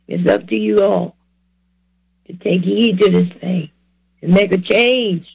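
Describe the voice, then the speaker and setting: A man's voice: high voice, steady tone, takes it slowly, gravelly, a little mellow, husky, no room sound, rough recording. A man in his seventies giving an earnest testimony sermon, exhorting his listeners in plain, repetitive words.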